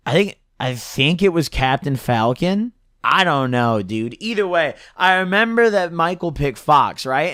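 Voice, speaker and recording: A man's voice: a little high, fairly bright tone, no echo, clean studio sound. A young man telling a long story to the camera, casual and slangy, rambling with constant filler words, his throat a bit scratchy. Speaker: storyteller vlogger.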